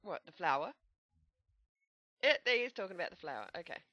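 A woman's voice: on the low side, big pitch swings, quick pace, bright, forceful tone, dry recording, lo-fi sound. A young woman doing playful, joking commentary on a video game. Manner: playful, joking, self-mocking. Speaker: gameplay commentator. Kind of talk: let's play commentary.

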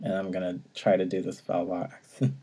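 A man's voice: low-pitched, level tone, brisk, warm tone, breathy edge. A man casually recapping a video game story, now and then acting out lines and laughing. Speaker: podcast co-host.

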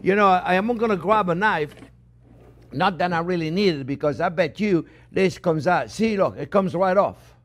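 A man hosting a cooking demonstration, chatty and excitable, with many fillers and repeated exclamations. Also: high-pitched, normal speed. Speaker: chef hosting a cooking show.

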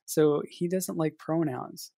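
A man co-hosting a casual writing podcast, talking in a measured, hesitant way with many fillers. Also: on the high side, vocal fry, warm tone, no room sound, studio quality. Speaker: podcast co-host and editor.

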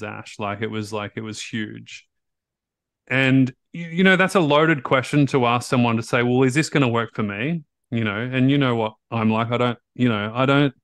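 A man hosting a podcast, telling a story in a casual, animated way, blunt and full of fillers and restarts. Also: mid-range voice, clear, resonant tone, no room sound, studio quality. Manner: blunt, outspoken. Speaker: podcast host, recovery coach.

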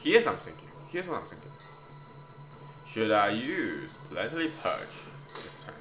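Man, casual game commentary, lively pitch, loud game music behind. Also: normal speed. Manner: chatty, reacting aloud to a card game, addressing viewers as guys. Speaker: gameplay youtuber. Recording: roomy echo with loud background music.

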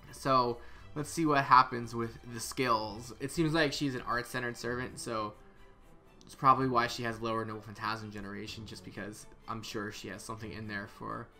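A man's voice: medium pitch, sharp tone. A man casually reviewing a game character, thinking aloud with some hesitant repeats. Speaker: game content creator.

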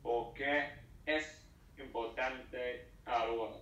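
A man's voice: medium pitch, fairly even intonation, takes it slowly, fairly bright tone. Hesitant male learner, distant and dull. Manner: hesitant, careful, words come in short chunks. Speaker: student. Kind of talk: answering lesson drills. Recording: dull distant echoey audio.

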